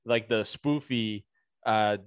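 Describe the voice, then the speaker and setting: A man talking casually on a podcast, relaxed and chatty. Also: lowish voice, takes it slowly, clear, resonant tone, dry recording, studio quality. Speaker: panelist.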